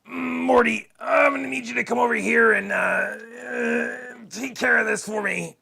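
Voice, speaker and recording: Rick: a stammering raspy old grandpa. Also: male voice, extremely high pitch, steady tone, unhurried, voice pushed up, exaggerated voice. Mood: needy. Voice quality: strained, shouty and raspy. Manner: stammering, calling out to his grandson. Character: rambling raspy old mad-scientist grandpa. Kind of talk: cartoon voice impression.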